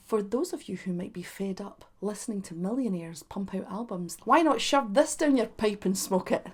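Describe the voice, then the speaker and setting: Playful self-mocking woman vlogger. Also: on the high side. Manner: animated, with sudden loud bursts. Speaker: music reaction vlogger. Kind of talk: casual reaction commentary.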